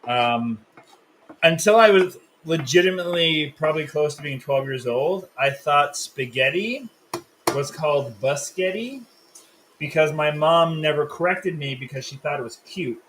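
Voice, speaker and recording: A man hosts a live cooking stream, talking through each step with easy banter. His voice sits a bit high, and there is a faint hiss behind him. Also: moderate pace, a bit bright, low-quality recording. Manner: joking, chatty, explains steps. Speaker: cooking show host. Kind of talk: casual live cook-along chat.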